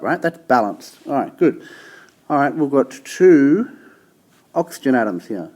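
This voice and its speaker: A male teacher explaining a topic in a relaxed, chatty way, often checking in with the listener and restarting his sentences. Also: medium pitch. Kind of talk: casual classroom explanation.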